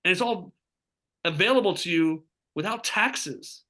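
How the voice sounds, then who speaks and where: Guy financial advisor, fired up, high bright voice, keeps asking rhetorical questions. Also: lively intonation, unhurried. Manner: fired up, rhetorical questions, acts out client quotes. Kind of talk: energetic sales pitch talk.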